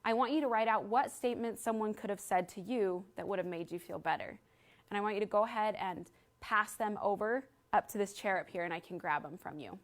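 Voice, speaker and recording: A woman's voice: medium pitch, a little fast. A woman in her thirties giving an earnest talk to a live audience, telling a story and guiding them through an exercise. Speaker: speaker at a library event.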